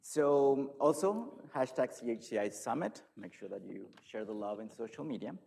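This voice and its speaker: A man's voice: mid-range voice, animated, normal speed, creaky, darkish tone. Man moderating a panel with playful jokes.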